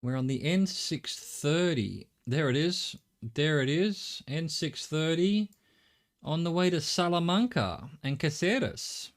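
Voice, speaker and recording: A man's voice: fairly high pitch, lively intonation, takes it slowly. A middle-aged Australian man streaming a game, thinking aloud in a rambling way and swearing casually. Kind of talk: live gameplay commentary.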